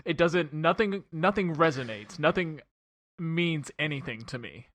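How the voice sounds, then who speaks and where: A man's voice: fairly high pitch, a little slow, fairly bright tone. A man co-hosting a film podcast in casual chat, sarcastic and swearing, mimicking movie lines as he goes. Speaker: podcast co-host.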